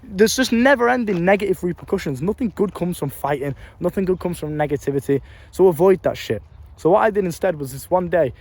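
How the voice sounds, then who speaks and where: A man's voice: fairly high pitch, darkish tone. A young English man, telling a story and giving advice in a blunt, profane way, recorded on a phone. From England. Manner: blunt, profane, emphatic with street slang. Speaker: vlogger.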